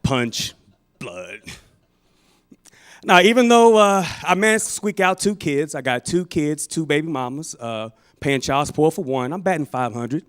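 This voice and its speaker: A man from St. Louis doing a stand-up comedy set on a club stage, animated and slipping into character voices. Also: a little high, normal speed, few pauses, clean tone. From St. Louis, Missouri.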